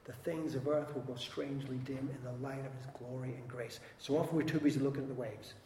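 Animated preaching man in an echoey hall. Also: mid-range voice, quick pace, a little hiss or hum. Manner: animated, acts out quoted voices, swings loud and soft. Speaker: pastor. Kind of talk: sermon.

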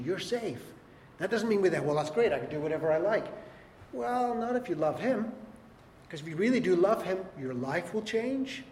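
A man's voice: fairly high pitch, a little mellow, a little hiss or hum. A man preaching a sermon as pastor, earnest and emphatic, asking the congregation questions. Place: church hall. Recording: echoey hall with long reverb.

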